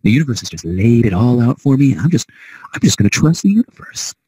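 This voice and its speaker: A man's voice: very animated, fast, dark tone, breathy edge, rough recording. A man putting on a mocking voice of a naive male spiritual believer. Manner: mocking, sing-song, high-pitched.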